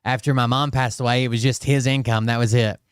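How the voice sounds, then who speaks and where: Man, casual reaction commentary, blunt, profane, smooth voice, dry close mic. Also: medium pitch, little pitch movement, brisk, no room sound. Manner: blunt, profane, with frequent restarts.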